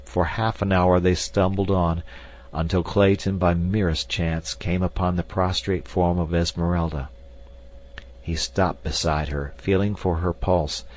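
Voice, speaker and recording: A man narrating an audiobook in a steady, even reading. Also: low-pitched. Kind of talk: scripted narration.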